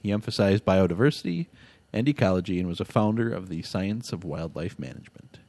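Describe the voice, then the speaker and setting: A man's voice: low-pitched, expressive, fairly quick, a little mellow, dry recording. A man hosting a casual podcast, laughing often and telling stories with animation. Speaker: podcast host. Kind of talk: casual chat.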